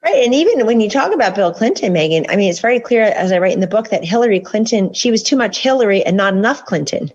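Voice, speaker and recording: A woman's voice: medium pitch, lively intonation, fast talker, few pauses, darkish tone, highs cut off. A woman guest author in a political interview, making her points in long, insistent runs.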